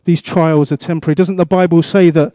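A man's voice: a little high, fairly even intonation, brisk, warm tone, no room sound, studio quality. A man preaching a sermon as pastor, asking the congregation questions and repeating his exhortations.

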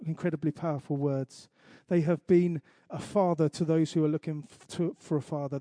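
A man preaching a sermon, earnest, reciting scripture slowly and emphatically, with light asides to the congregation. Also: fairly high pitch, dark tone, no echo, clean studio sound. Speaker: pastor.

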